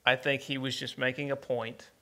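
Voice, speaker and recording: A man preaching a conversational sermon, plainspoken and unhurried, with many pauses and restarts. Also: mid-range voice, level tone, bright, forceful tone.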